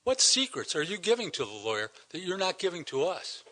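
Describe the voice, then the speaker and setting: A man's voice: high-pitched, sing-song, a little fast, pushed and bright. Indignant older man addressing council. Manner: indignant, emphatic, rhetorical questions. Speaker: citizen delegate at council meeting. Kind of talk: public comment speech.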